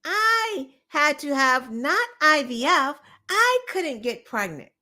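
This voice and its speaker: A woman's voice: high voice, very animated, slow, sharp tone. A woman hosting a show, giving opinionated political commentary in an impassioned, profane way, firing off rhetorical questions. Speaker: show host.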